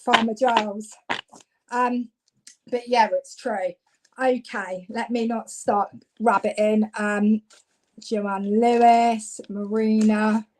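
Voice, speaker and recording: A woman's voice: medium pitch, slow pace, slight background noise, low-quality recording. A woman from Devon, giving chatty live psychic card readings and talking to viewers. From Devon, England. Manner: chatty, warm-hearted, gets louder when excited.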